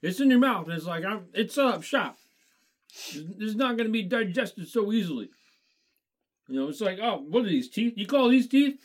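A man's voice: high-pitched, expressive, moderate pace, pitched above the performer's own voice. A man voicing a tough-talking male gummy candy with a put-on Brooklyn accent, cocky and taunting.

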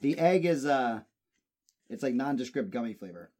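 A man's voice: medium pitch, expressive, normal speed, a little mellow. Playful man in casual chat. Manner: playful, teasing.

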